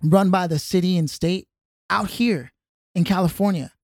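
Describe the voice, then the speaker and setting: A man talking casually as a podcast co-host, animated and quick to laugh, recorded in a dry studio. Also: high voice, no echo. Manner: animated, laughing, slips into impressions. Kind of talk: casual chat.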